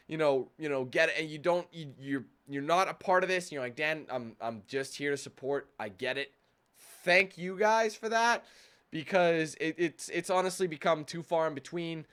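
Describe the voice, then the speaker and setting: A man's voice: fairly high pitch, fairly bright tone. A young man hosting a gaming channel, ranting casually to his viewers with many restarts, acting out their voices in exaggerated tones. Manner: rambling with many restarts and "you know what I mean". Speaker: YouTube gamer channel host. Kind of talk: casual rant to camera.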